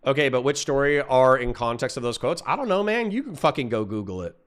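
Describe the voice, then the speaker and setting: A man's voice: medium pitch, lively intonation. A young man from Florida streaming a heated, profane rant at his chat, cutting himself off and apologizing, then charging back in. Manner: profane, combative, addresses chat directly; quick self-interruptions and apologies.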